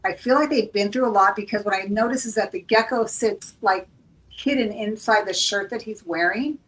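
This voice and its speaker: A woman's voice: mid-range voice, moderate pace, a bit bright, recorded from a distance, rough recording. A woman giving a casual live-stream tarot reading, rambling and apologetic, with many fillers. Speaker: tarot reader, co-host.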